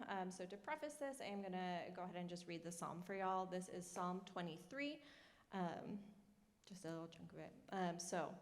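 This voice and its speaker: Woman reading her story in a hall. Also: fairly low pitch. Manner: casual remarks, then measured reading. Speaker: author reading her fiction. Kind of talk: reading a short story aloud. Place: event room. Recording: reverberant hall.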